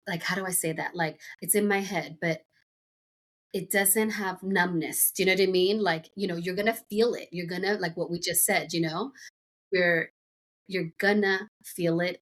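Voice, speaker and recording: This middle-aged American woman is a podcast guest chatting casually. Her voice sits on the low side and is a bit bright, and her rambling story is full of fillers and asides.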